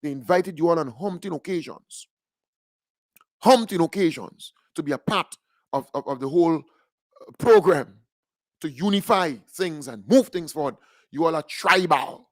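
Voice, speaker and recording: Fiery high-voiced Grenadian man ranting. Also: unhurried, pauses often, dry recording, clean studio sound. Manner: fiery, mocking and combative rant. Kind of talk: political radio commentary.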